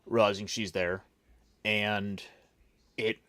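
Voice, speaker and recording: A man's voice: fairly low pitch, level tone, slow, a bit bright, no room sound. A man hosting a casual roundtable chat, recapping with wry, mocking asides. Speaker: podcast host.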